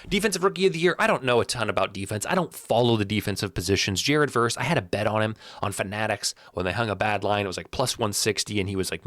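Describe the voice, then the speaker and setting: Man doing blunt casual sports commentary, animated delivery, dry close sound. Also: on the low side, dry recording. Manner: blunt, animated, restarts and repeats words when worked up. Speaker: sports video host.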